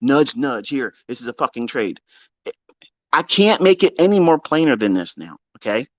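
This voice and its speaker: A man's voice: mid-range voice, sing-song, moderate pace, no room sound. Guy ranting at his students, cussing nonstop, voice jumps all over the place, dry close sound. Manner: blunt, exasperated, heavy swearing. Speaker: trading mentor. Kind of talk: profane ranting lecture to students. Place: live audio chat room.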